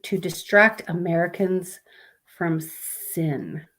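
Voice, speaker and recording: Sleepy, slow-talking woman streamer. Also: fairly low pitch, steady tone, a bit bright. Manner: rambling, chatty, addresses viewers as y'all. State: sleepy, yawning. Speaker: live streamer. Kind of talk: casual live stream chat reading fun facts.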